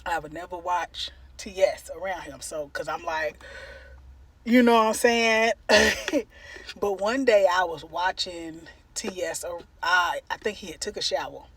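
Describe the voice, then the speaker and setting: A woman vlogger telling a casual storytime while eating on camera, in an animated, profane and slangy way, breaking into loud cackles. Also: on the low side, unhurried, breathy edge.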